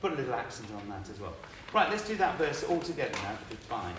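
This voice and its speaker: A man's voice: medium pitch, big pitch swings, fast, background noise. A man directing a choir, counting the singers in and singing phrases to show them. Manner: friendly, apologetic, laughs often. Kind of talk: choir rehearsal instruction. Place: rehearsal hall. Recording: echoey room, far from mic, loud choir and piano.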